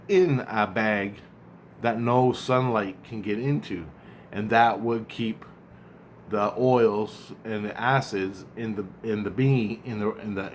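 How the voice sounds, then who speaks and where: A man casually retelling a dream, rambling and acting out both sides of the conversation, often halting and repeating words. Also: fairly low pitch, slight background noise.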